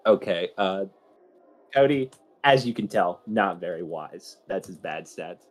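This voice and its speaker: A man's voice: deep voice, animated, measured pace. Guy playing d&d-style game, laughy and umm-y. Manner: laughing, hesitant with fillers. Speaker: player. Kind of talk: casual tabletop game play.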